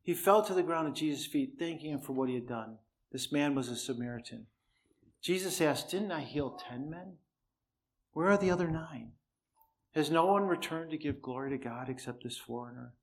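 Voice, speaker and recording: Preaching at a moderate pace in a fairly high voice, a man shares a personal story conversationally and with dry wit. He mentions he can't raise his voice; it's strained and he cannot shout.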